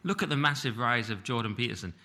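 A man guest on a comedy podcast, arguing his views in quick, opinionated talk. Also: mid-range voice, sharp tone. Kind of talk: casual podcast chat.

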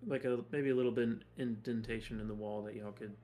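A man running a tabletop game as game master, narrating the scene in a relaxed, conversational way. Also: fairly low pitch, fast talker, a little hiss or hum.

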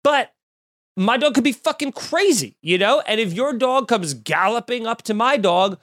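A man's voice: very high voice, animated, normal speed, a bit bright, no room sound, clean studio sound. A young man hosting a podcast, delivering a profane, exasperated comedic rant full of fillers and asides. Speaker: podcast host.

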